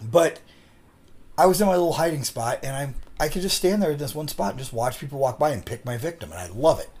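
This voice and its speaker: Casual podcast co-host, male, slightly high voice, rambling and laughing storyteller. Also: lively intonation, fast, a little mellow. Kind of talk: casual chat.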